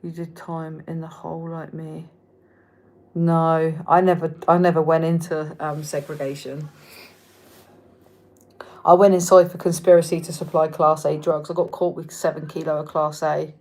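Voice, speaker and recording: A woman's voice: low voice, little pitch movement, normal speed, a little mellow. A woman in her thirties from Reading in England, with a southern English accent, chatting frankly on a livestream, reading out viewer comments and swearing freely. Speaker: livestream host.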